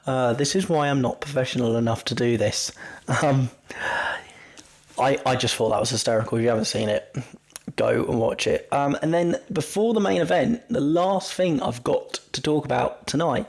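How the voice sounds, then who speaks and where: A man hosting a podcast, chatting casually and rambling through a wrestling recap, often stumbling over his words and poking fun at himself. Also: medium pitch. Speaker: podcast host.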